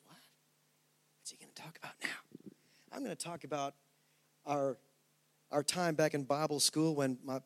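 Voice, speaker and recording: High-voiced man preaching a story. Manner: storytelling, animated with quick restarts. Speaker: pastor. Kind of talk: sermon.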